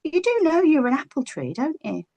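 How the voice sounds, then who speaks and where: A woman's voice: high voice, very animated, moderate pace, a little mellow, voice pushed up. Woman doing a soothing motherly nature spirit. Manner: soothing, coaxing.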